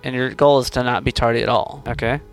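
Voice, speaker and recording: A man hosts a conversational coaching interview, and his voice has a gravelly creak at a middling pitch. He keeps prodding with questions, playful but encouraging. Faint music sits quietly beneath him. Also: fairly even intonation, fast. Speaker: host coaching a student.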